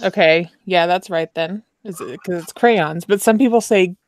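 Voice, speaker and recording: A woman's voice: fairly low pitch, normal speed, dry recording. A woman guest in a casual chat, playfully quizzing the others.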